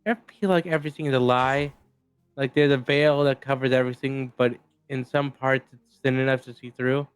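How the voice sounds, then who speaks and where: A man's voice: medium pitch, steady tone, brisk, clean tone, no room sound, soft background music, natural voice. A man voicing an impish, mischievous young girl in a game story, speaking dreamily and secretively. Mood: brooding.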